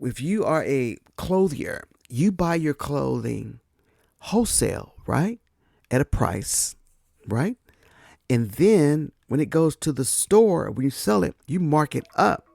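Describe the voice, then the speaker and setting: Gravelly, mellow-voiced man talking politics. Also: on the high side, very animated, slow, long pauses, no room sound, clean studio sound. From United States. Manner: conversational, addresses listeners as guys, asks rhetorical questions. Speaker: podcast host. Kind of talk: casual political commentary.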